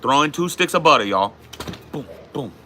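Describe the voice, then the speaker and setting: A man putting on a Cajun accent to play a loud, folksy cook who hollers cooking steps. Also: on the high side, lively intonation, slight background noise, voice pushed up. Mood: hyped. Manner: hollering cooking instructions, drawn-out y'all.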